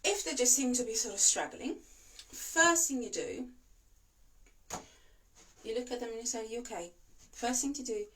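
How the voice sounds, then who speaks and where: A woman, a voice and breathing coach whose first language is not English, giving calm, reassuring instructions and demonstrating slow breaths. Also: a little high, far from the mic, a little hiss or hum. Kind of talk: instructional talk to camera.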